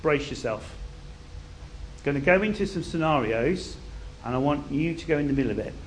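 A man preaching a sermon, telling a Bible story in an animated way and dropping to a quiet intensity for key points. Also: a little high, normal speed, slight background noise.

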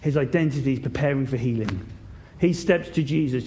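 A man preaching a sermon, telling a story in an animated way and swinging between loud bursts and hushed moments. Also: medium pitch, brisk, a little hiss or hum.

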